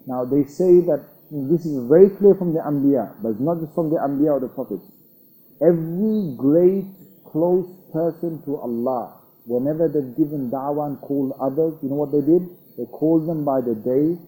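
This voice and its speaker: Earnest man teaching, husky dark voice. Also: medium pitch, poor audio. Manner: recites Quranic Arabic, then explains it in English; earnest, repeats phrases with restarts. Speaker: Islamic teacher. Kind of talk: recorded lecture on the prophets.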